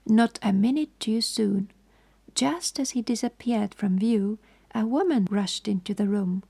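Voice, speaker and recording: A woman reading a sleep story in a whispered, slow, hushed voice. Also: mid-range voice, creaky, breathy edge.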